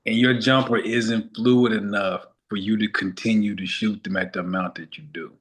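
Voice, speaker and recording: A man's voice: on the low side, fairly even intonation, normal speed, fairly bright tone. A man co-hosting a casual basketball talk show, loose and conversational, repeating his points for emphasis. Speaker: podcast co-host.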